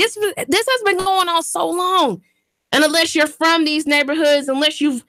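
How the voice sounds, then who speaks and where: A woman's voice: sits high, a bit bright, no room sound. A woman hosting a radio talk show, speaking as an activist in an impassioned, emphatic way, often repeating her phrases like a preacher. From Chattanooga, Tennessee, US. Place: radio studio.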